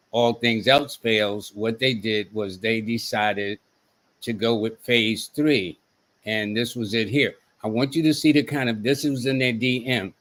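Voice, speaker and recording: Male host, mid-pitched, easygoing live-stream talker who reads messages aloud. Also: fairly bright tone. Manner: conversational, quotes text messages aloud, many fillers. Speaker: host and astrologer. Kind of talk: casual live-stream talk.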